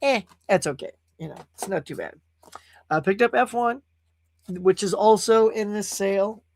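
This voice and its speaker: A man hosting a casual live stream, animated and laughing often as he reads viewer comments. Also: sits high, normal speed, creaky, dry recording, clean studio sound. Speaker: host.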